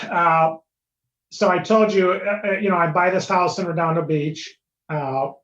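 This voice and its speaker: A man in his fifties, a former pro hockey player, retelling a story in an interview, full of fillers and quoted dialogue. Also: a little high. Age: 50s. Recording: roomy, slightly dull sound.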